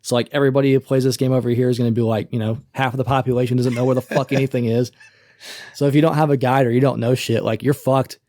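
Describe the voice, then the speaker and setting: A man chatting casually as a podcast co-host, retelling scenes with lively swearing. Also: medium pitch, very fast, hardly any pauses, no room sound, clean studio sound. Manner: animated storytelling, acts out quoted characters, swears casually. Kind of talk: casual chat.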